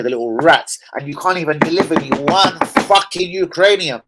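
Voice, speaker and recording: An angry man rants on a live stream as a football fan. He swears constantly and swings between loud outbursts and low, disgusted mutters. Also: a little fast, hardly any pauses, noisy background.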